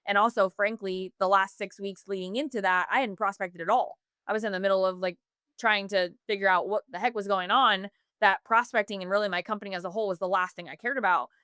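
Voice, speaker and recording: A woman's voice: medium pitch, steady tone, fast, pushed and bright, clear, resonant tone, no room sound, studio quality. A woman in her thirties, a podcast guest, telling a personal story earnestly, with many fillers and self-corrections. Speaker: podcast guest, business founder.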